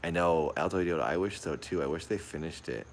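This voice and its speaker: A man livestreaming a horror game from a dark room at home, jumpy and easily frightened, repeating his exclamations over and over while recording on a phone. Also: low-pitched, brisk, slight background noise. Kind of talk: live gameplay commentary. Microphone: phone pointed at the TV.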